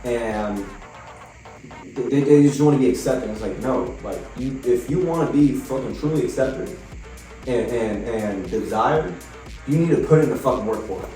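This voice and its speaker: A man's voice: mid-range voice, animated, moderate pace, warm tone. A man hosting a podcast, talking bluntly and emphatically with plenty of swearing. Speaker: podcast host. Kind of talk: casual podcast chat. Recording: echoey room, mic far off, faint music.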